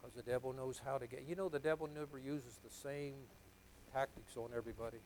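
An older man preaching a sermon, telling a personal story with deep emotion, dropping to a hush and then rising to loud emphasis. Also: fairly even intonation, fairly quick, a little hiss or hum, poor audio. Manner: emotional, confessional storytelling that swings from hushed to loud.

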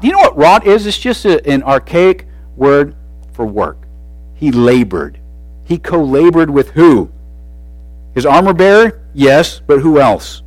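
A man preaching a sermon in an animated way, swinging between loud and soft with frequent restarts. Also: a little high, unhurried, no echo, rough recording.

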